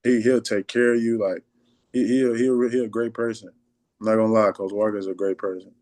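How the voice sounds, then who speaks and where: A man's voice: on the low side, little pitch movement, quick pace, darkish tone, dry recording. A young man, giving plain-spoken interview answers and repeating himself. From Texas. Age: late teens. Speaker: high school basketball player.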